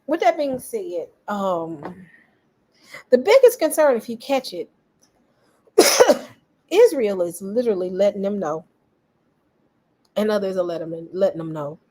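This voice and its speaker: A woman giving casual political commentary, animated and talking straight to her viewers. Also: medium pitch, measured pace, pauses often, low-quality recording. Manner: animated, talks back to viewers, quotes others in voices.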